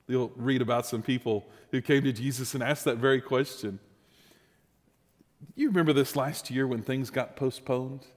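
A man preaching a sermon, telling stories and swinging between loud and soft delivery. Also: a little high, in a large hall. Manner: animated storytelling with sudden loud and soft swings. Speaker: pastor.

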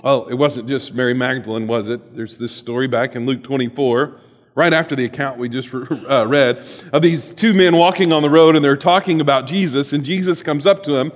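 A man preaching a sermon as a pastor, animated and humorous, with sudden loud bursts and soft asides. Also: mid-range voice, fairly quick, big-room sound.

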